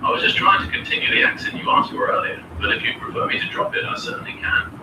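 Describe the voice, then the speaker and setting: A man's voice: fast, reverberant, recorded from a distance, very noisy. A computer voice of a man acting as a chemistry tutor, polite and formal as he quizzes a student.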